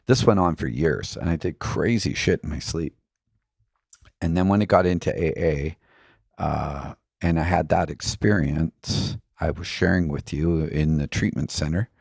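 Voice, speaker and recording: A man's voice: extremely low pitch, creaky, a little mellow, dry recording, clean studio sound. A man talking as a podcast guest, telling his story in a reflective way with many "you know" fillers.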